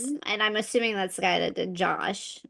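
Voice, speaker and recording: Young woman, nasal, gravelly fry, dry teasing humor, casual swearing, book chat. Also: medium pitch, a little fast, fairly bright tone. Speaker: podcast co-host.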